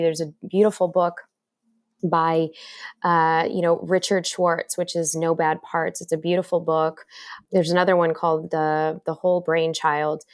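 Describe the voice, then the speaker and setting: A middle-aged woman speaking as a podcast guest, talking in an animated way about her own experience. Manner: animated, acts out inner voices in a higher pitch. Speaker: podcast guest, resilience author. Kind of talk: conversational interview.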